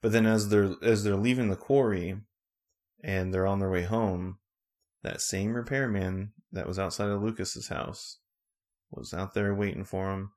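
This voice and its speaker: In a low-ish voice that moves a little slowly, a male podcast co-host goes over a show casually. He rambles in a laid-back way, using many fillers.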